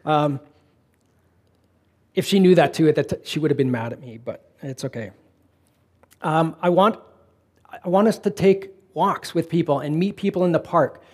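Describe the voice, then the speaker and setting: A man's voice: a little high, breathy edge. Middle-aged male pastor, conversational sermon. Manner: relaxed storytelling, slowing for emphasis.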